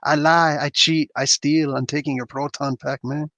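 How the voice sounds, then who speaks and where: A man's voice: a little high, little pitch movement, normal speed, a bit bright, dry recording, lightly acted. A man putting on a cocky, boastful wrestler voice with a put-on Mexican-American slang accent. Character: swaggering male wrestler, sly boastful thief.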